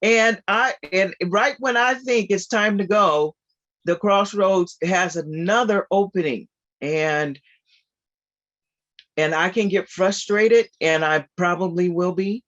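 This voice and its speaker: A guest speaker giving an informal spiritual talk on a video call, animated and repetitive with frequent laughter. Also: medium pitch, takes it slowly, highs cut off.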